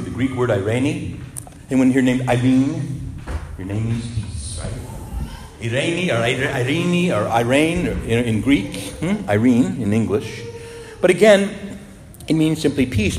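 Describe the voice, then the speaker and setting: A man preaching a sermon as a priest, animated and asking his congregation rhetorical questions. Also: medium pitch, echoey room, in a large hall, slight background noise.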